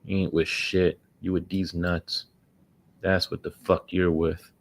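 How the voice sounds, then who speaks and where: Man, somewhat low voice, blunt and profane, grumbling casual trading commentary. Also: flat delivery, unhurried. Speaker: day-trading streamer.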